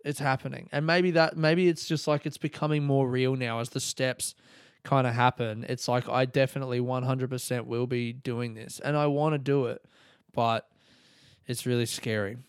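A young man talks through his week on a solo podcast, rambling and swearing freely, often breaking into laughter. His voice is smooth and clear at a middle pitch. The close mic gives a dry sound. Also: fairly even intonation, normal speed, no room sound. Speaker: podcast host. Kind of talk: casual solo podcast talk.

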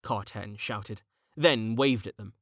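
A man narrating a fantasy novel in a steady, measured storytelling voice. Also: fairly low pitch, no room sound, clean studio sound. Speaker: audiobook narrator.

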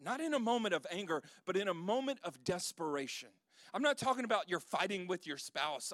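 A male pastor delivers an earnest sermon, reading scripture with emphatic stresses and slowing into prayer. His voice sits a little high for a man. The sound is dry and close, with little room echo. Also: fairly bright tone.

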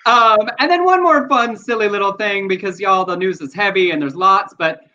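A man's voice: high-pitched, normal speed, sharp tone. A man co-hosting a casual news chat show, explaining his views earnestly and at length. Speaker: podcast co-host. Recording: dull lo-fi sound.

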